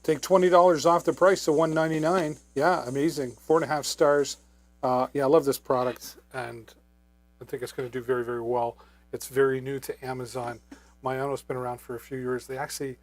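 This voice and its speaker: A man's voice: mid-range voice, no echo. A man hosting a live shopping stream on a wireless microphone, talking casually with many fillers. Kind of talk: live product demo.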